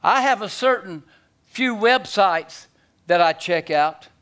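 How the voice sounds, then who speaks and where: Folksy, animated preacher man. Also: high voice, takes it slowly, smooth. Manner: folksy, animated preaching with big swings from loud to hushed. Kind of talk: sermon.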